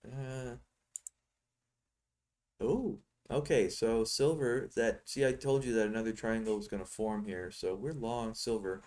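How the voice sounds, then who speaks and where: A man's voice: mid-range voice, fairly even intonation, a little slow, a little mellow. A middle-aged man giving rambling, teasing live commentary on his trading screen, thinking aloud as he goes. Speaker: futures trading software seller.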